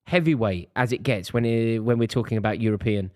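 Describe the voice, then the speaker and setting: A man's voice: medium pitch, brisk. A man co-hosting a live football chat show, giving emphatic opinions on the game. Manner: animated, emphatic football punditry.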